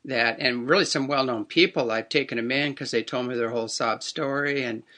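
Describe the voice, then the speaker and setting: A man's voice: medium pitch, brisk, pushed and bright. A man hosting an interview, talking in a reflective, agreeable way in casual conversation. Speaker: host.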